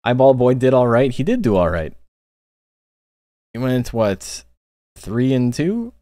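A man's voice: medium pitch, sing-song, measured pace, mellow, no room sound, clean studio sound. A man casually commenting on a game tournament stream, rambling with frequent filler words.

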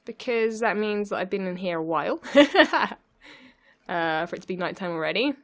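A young woman playing a let's play narrates her own gameplay live in an expressive, mid-range voice at normal speed. Flustered, she talks herself through it and laughs often.

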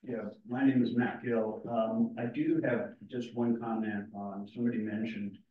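A man's voice: mid-range voice, steady tone, normal speed, a little hiss or hum. A man speaking up at a community meeting, plain-spoken and firm in his views. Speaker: resident giving public comment. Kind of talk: public meeting comment. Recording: distant, roomy, dull meeting-room sound.

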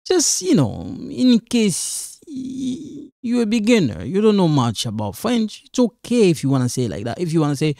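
A man's voice: high-pitched, huge pitch swings, moderate pace, vocal fry, warm tone, dry recording, studio quality. A man teaching French, patiently repeating phrases for learners as he goes through a quiz. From Congo. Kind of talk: quiz walkthrough lesson.

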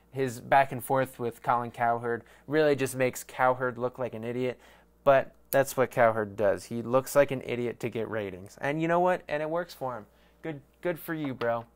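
A man talking alone into the mic for his fan podcast, loose and rambling. He swears freely and pokes fun at himself as he goes. His voice sits at an ordinary middle pitch. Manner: rambling, swearing, self-mocking. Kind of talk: casual solo sports rant.

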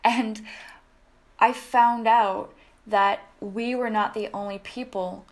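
A woman's voice: fairly high pitch, fairly even intonation, slow pace. A young woman, a wedding photographer, telling a story in a casual, chatty vlog with lots of fillers and restarts.

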